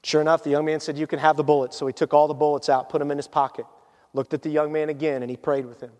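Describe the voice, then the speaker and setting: A male pastor delivers a sermon in a loose, conversational storytelling way, sinking to a hush when the story turns heavy. His voice sits high for a man. The sound rings with the long reverb of a church hall. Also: flat delivery, quick pace. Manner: conversational and storytelling, drops to hushed tones for emotional moments.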